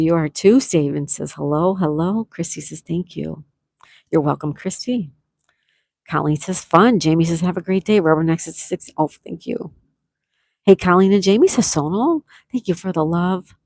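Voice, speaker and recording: A woman hosts a relaxed morning livestream, reading out chat messages and gushing thanks to viewers one after another. Her voice sits fairly low, and the sound is close and dry with little room echo. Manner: effusive, thanks viewers by name, reads chat aloud. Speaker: livestream host. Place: at home with a view, morning tea.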